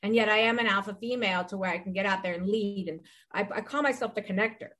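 A woman in her forties, a podcast guest chatting casually and telling rambling, animated stories with many restarts. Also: medium pitch, fast. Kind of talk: casual chat.

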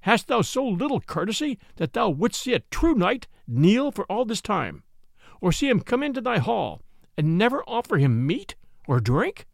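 Man voicing a knight, solemn, stern, high gravelly voice, storybook reading. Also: very animated, normal speed, fairly bright tone, no room sound, studio quality, exaggerated voice. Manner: solemn, pleading then stern. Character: proud wronged knight, older man, stern.

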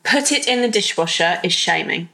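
A woman's voice: lowish voice, expressive, moderate pace, vocal fry, sharp tone. A woman hosting a podcast interview, engaged and affirming, chiming in often. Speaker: podcast host.

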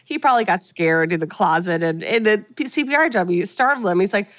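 A woman's voice: mid-range voice, no room sound, studio quality. Chatty woman animatedly recapping a film. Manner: animated retelling, voicing characters in quick asides. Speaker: podcast co-host recapping a film. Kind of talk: casual chat.

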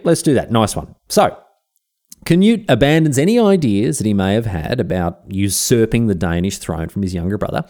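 A man's voice: mid-range voice, mellow. An Australian man hosting a history podcast, telling the story in a chatty, slangy way. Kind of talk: casual history narration.

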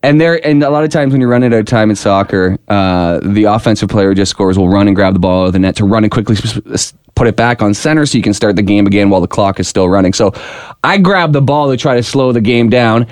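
A young adult man co-hosting a podcast, telling a story in a casual, animated way and acting out shouted lines. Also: on the low side, fast, smooth, no echo, clean studio sound. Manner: animated, mimics shouted voices in anecdotes. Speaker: podcast co-host.

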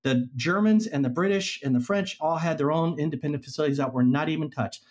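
A man's voice: fairly high pitch, quick pace. A man as a podcast guest, telling a historical story casually and acting out the people he quotes. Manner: animated storyteller, acts out quoted figures.

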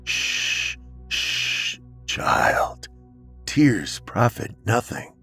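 A man voicing a cold, scheming mother who speaks in a soft, hissing whisper. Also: sits low, animated, a little slow, husky, faint music behind, exaggerated voice. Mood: coldly soothing.

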